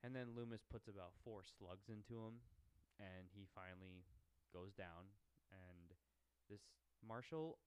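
A man's voice: on the low side, measured pace, clean tone. A young man co-hosting a casual movie recap, swearing freely and acting out lines from the film. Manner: profane, animated retelling with shouted mock quotes. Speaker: podcast co-host.

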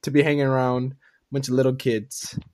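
A man's voice: medium pitch, level tone, a little fast, a little mellow. A young man co-hosting a casual podcast, talking in slang and stammering over his words. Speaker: podcast co-host. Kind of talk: casual chat.

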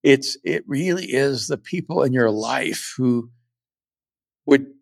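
Speaking slowly in a creaky mid-range voice, a middle-aged man shares a personal story on his podcast. He's earnest and reflective, with frequent restarts, in a dry recording.

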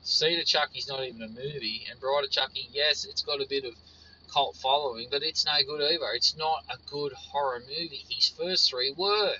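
A man's voice: mid-range voice, normal speed, bright, forceful tone, highs cut off, slight background noise. A man ranting casually as a frustrated horror fan, swearing often and repeating his points. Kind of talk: casual profane rant.

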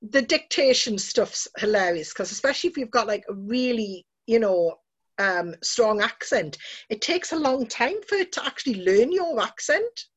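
A woman's voice: on the high side, big pitch swings, normal speed, slightly rough. A woman hosting a casual chat, enthusiastic and encouraging toward her guest. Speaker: podcast host.

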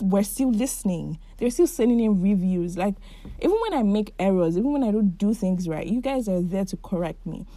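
Her voice medium in pitch and free of room sound, a woman in her twenties delivers a heartfelt, chatty solo monologue on her own podcast. She is warm and leans on "like" frequently.

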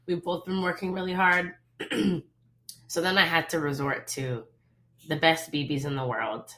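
A young woman co-hosting a podcast, telling a personal story in casual, animated chat. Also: low-pitched, unhurried. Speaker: podcast co-host.

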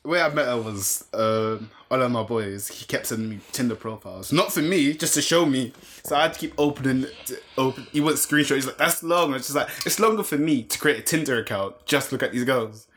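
Young man, casual chat, animated storyteller, laughing often. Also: medium pitch, a little fast, a little hiss or hum.

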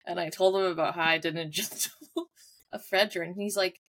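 A woman's voice: lowish voice, fairly even intonation, fairly quick, fairly bright tone. A woman co-hosting a podcast, telling a story in casual chat and laughing often as she talks. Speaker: podcast co-host.

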